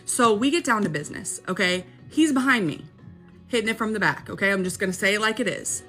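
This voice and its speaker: A woman's voice: mid-range voice, animated, quick pace, a bit bright, soft background music. A young woman casually telling a personal story, chatty and dramatic, often checking in with her listener. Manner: chatty, keeps checking in with "okay?".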